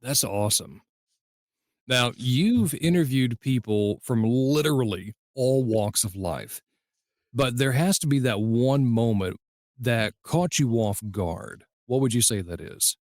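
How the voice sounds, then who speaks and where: A man's voice: mid-range voice, expressive, slow pace, a little mellow, no echo. Upbeat male podcast host, dry sound. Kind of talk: conversational interview questions.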